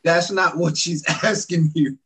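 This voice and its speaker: A man co-hosting a casual podcast conversation, relaxed but emphatic as he makes his points. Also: a little high, a little slow, husky, poor audio. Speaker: podcast co-host.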